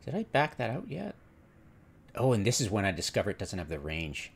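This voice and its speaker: A man casually commenting on a game replay, rambling and retelling his own reactions, with sudden excited exclamations. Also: on the low side, brisk, gravelly, background noise. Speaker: gameplay commentator.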